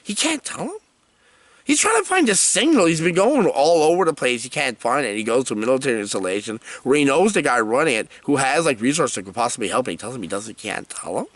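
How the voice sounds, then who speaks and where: A man giving a comedic, rambling movie review rant in an animated, jokey way. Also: medium pitch, quick pace, few pauses, no echo.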